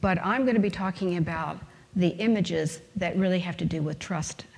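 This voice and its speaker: A woman with a fairly low voice gives a conference talk in a lecture hall. She speaks emphatically, leans on rhetorical questions and everyday examples, and her words ring out with a long reverb from the room. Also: moderate pace, gravelly, a little mellow.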